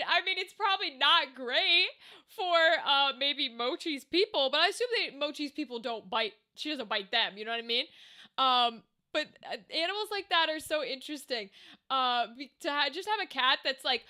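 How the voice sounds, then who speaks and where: A woman's voice: sits high, expressive, moderate pace, pushed and bright. A young woman streamer chatting casually with her viewers, rambling and swearing freely. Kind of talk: casual live-stream chat while gaming.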